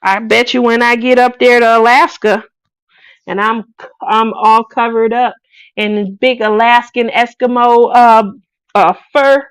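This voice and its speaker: A woman's voice: fairly high pitch, steady tone, unhurried, smooth, no room sound. A woman, hosting a craft live stream in casual chat, playful and laughing often as she reads out comments. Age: 40s. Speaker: craft channel host.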